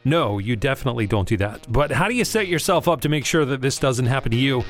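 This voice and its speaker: A man's voice: mid-range voice, animated, quick pace, faint music behind. A man hosting a podcast, talking to listeners in an upbeat, direct, casual way. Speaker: podcast host. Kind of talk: podcast monologue.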